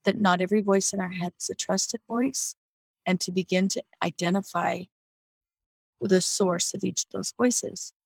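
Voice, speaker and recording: A woman with a gravelly, slightly husky voice speaks over a video call from her home. She shares her faith in an earnest, reflective way and often restarts mid-sentence. The sound is dry, with no room echo. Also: mid-range voice, steady tone, moderate pace. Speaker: guest on a faith discussion call. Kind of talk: casual faith sharing. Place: home near an air base.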